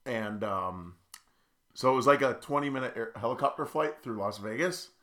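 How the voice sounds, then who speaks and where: A man's voice: mid-range voice, expressive, normal speed, fairly bright tone. A young man co-hosting a podcast, telling a rambling story full of fillers, tired with stuffy sinuses. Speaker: podcast co-host. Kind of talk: casual chat.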